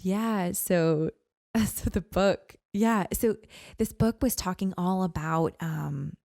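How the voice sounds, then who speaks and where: A woman in her thirties telling a personal story as a podcast guest, earnest and animated, with lots of "like" and "you know.". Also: on the low side, slow pace, creaky, no echo, clean studio sound. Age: 30s.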